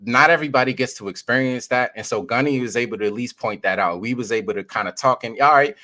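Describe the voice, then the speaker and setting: A man arguing on a podcast, defensive and measured, often repeating his words. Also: mid-range voice, sharp tone. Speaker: debate guest. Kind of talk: heated debate talk.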